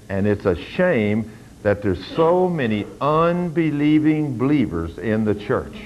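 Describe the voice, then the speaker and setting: An older man, preaching a sermon as a pastor and rising to loud, fervent commands. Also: medium pitch, sing-song, unhurried, muffled recording.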